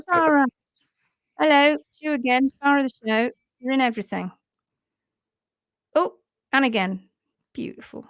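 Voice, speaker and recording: A woman hosts a casual live stream about horse care, chatty and quick to giggle. Her voice is high and bright in tone. The sound is close and dry. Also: dry recording.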